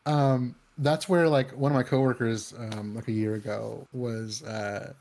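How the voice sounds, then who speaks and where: A man's voice: medium pitch, steady tone, unhurried, darkish tone. A man chatting casually, rambling with many fillers and restarts. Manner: acts out quoted voices in anecdotes. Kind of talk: casual chat.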